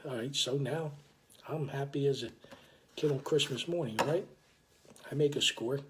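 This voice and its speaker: An older man tells a story casually, with rough swearing and many restarts. His voice sits at an ordinary middle pitch and grows animated as he talks. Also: moderate pace, slight background noise. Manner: animated, profane, full of restarts.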